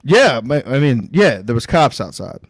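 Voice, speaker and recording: A man's voice: medium pitch, very animated, moderate pace, creaky. A man hosting a podcast over a remote call, a little drunk, rambling and repeating himself. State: tipsy. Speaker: podcast host. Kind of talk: casual podcast chat.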